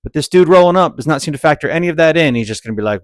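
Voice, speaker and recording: Brief: young man, slightly high voice, dry close sound, sarcastic driving-clip commentator. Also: very fast, few pauses, no room sound. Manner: exasperated, sarcastic, animated when ranting. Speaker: commentator reviewing dashcam driving clips. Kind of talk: casual video commentary.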